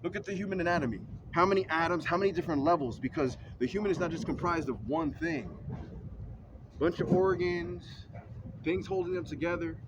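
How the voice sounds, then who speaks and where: A man's voice: a little high, brisk, highs cut off, background noise. A man ranting argumentatively in a casual vlog, recorded in a vehicle.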